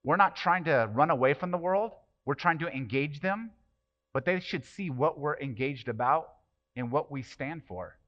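A man's voice: a little high, lively intonation, normal speed, dull audio. A man preaching a sermon as pastor, passionate and emphatic, with many rhetorical questions.

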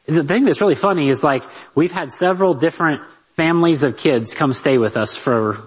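A man teaching a conversational Bible lesson on parenting, lively and talking straight to his listeners with rhetorical asides. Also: a little high, a little fast, breathy edge, rough recording.

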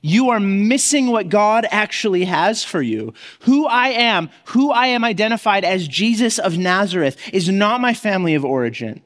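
A man's voice: sits high, expressive, normal speed, few pauses, fairly bright tone, big-room sound. A man preaching a sermon in a conversational way, often restarting his words and acting out the voices he quotes. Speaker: pastor.

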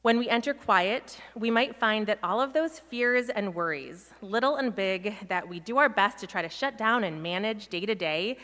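A woman's voice: mid-range voice, moderate pace, few pauses, a bit bright. Woman preaching in a reverberant hall. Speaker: pastor. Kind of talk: sermon. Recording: long reverb of a large hall.

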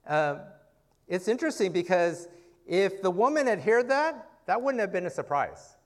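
High-voiced man teaching from scripture. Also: big pitch swings, moderate pace. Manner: informal, frequent "okay" and "right?" check-ins, rhetorical questions. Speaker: preacher. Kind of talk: conversational Bible teaching.

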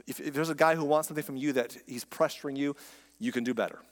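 A man's voice: on the high side, fast talker, long reverb tail. A man preaching a sermon in a conversational, impassioned way, speaking directly to his listeners. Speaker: pastor.

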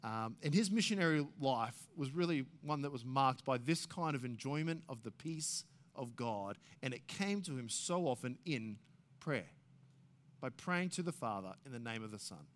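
A man preaching a sermon, reading scripture aloud with rising force and dropping soft and low to drive points home. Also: lively intonation, moderate pace. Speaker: pastor.

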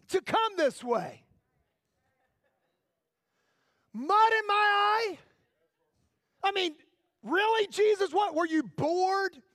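A man's voice: very high-pitched, a bit bright, dry recording, studio quality, pitched above the performer's own voice, exaggerated voice. A pastor acting out a blind man awaiting healing in a sermon story, complaining with comic exasperation. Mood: incredulous.

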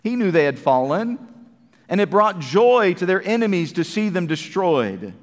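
A man preaching a sermon, animated, swinging between booming calls and hushed words. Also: moderate pace, in a large hall.

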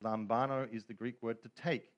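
A man's voice: medium pitch, steady tone, moderate pace, lo-fi sound. A middle-aged man preaching a sermon as pastor, telling stories with humor and quoted voices.

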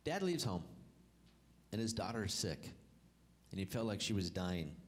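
A male pastor preaching a sermon, reading scripture aloud and retelling it with lively call-outs to the congregation. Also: on the low side, moderate pace.

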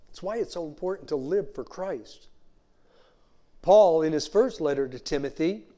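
A man preaching as a pastor, his voice a little high but mellow and warm. He talks to the congregation conversationally, dropping in "you know" asides. He slows right down to stress the phrases that matter. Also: expressive. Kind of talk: sermon.

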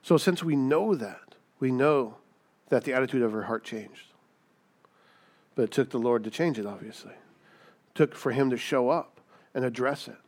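Speaking at normal speed with frequent pauses, this preacher has a mid-range, darkish voice. His sermon feels like a conversation, full of rhetorical questions and voices he acts out.

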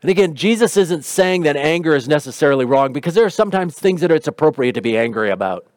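A man's voice: on the high side, lively intonation, fast, a little mellow, no echo, clean studio sound. A man preaching a sermon in an earnest, conversational way. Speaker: pastor.

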